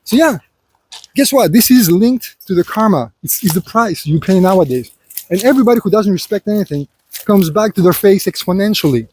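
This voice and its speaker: A high-pitched, slightly mellow and slightly rough male voice with lively intonation moves a little fast through an unscripted monologue. The vlogger rambles, leans on filler phrases, and lectures his listener, repeatedly calling him "son".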